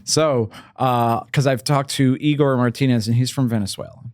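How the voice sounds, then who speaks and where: A man's voice: medium pitch, steady tone, moderate pace, no room sound, clean studio sound. A man in his thirties hosting a podcast, chatting casually, asking curious questions and wandering into asides. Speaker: podcast host.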